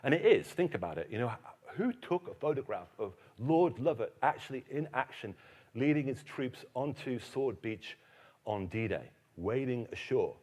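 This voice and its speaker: A man from Britain giving a keynote history lecture, telling anecdotes in a lively, animated way. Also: mid-range voice, normal speed.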